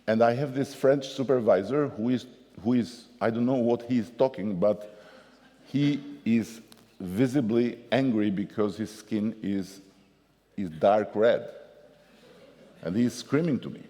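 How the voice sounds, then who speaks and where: A man with an Albanian accent, a politician telling lively anecdotes and acting out the people he quotes as a guest at a forum. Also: fairly low pitch, a little slow. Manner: animated storyteller, acts out the people he quotes. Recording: long reverb of a conference hall.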